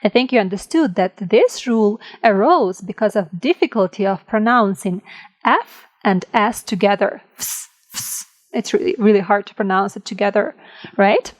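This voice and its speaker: A woman teaching an English grammar lesson, drawing out each example word slowly and often checking in with a "right?". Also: medium pitch, poor audio. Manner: slow, careful, drawn-out example words; checks in with listeners by asking "right?".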